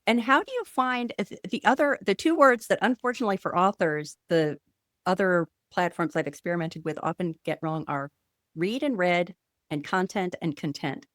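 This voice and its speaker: Lower-voiced woman host asking questions. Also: normal speed, fairly bright tone, dry recording, studio quality. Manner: asks long, thoughtful questions. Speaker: podcast host. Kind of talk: casual interview.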